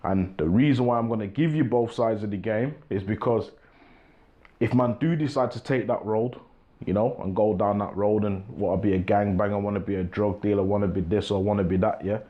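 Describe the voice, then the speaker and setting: A man's voice: on the low side, a little fast, muffled recording. A young man from England talks casually, hosting his own show and often asking "you get me". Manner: laid-back, repeats "you get me" often. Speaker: talk show host. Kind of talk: casual monologue to camera.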